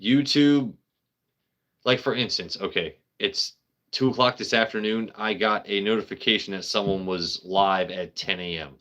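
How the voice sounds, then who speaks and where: A man's voice: lowish voice, moderate pace, sharp tone. A man hosting a casual live stream, rambling, joking with his chat and swearing freely. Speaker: livestream host.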